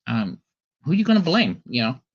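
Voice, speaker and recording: A man's voice: mid-range voice, very animated, normal speed, breathy edge. Male podcast host, rambling casual commentary, restarts often, slightly dull lo-fi recording. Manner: rambling, full of ums and restarts.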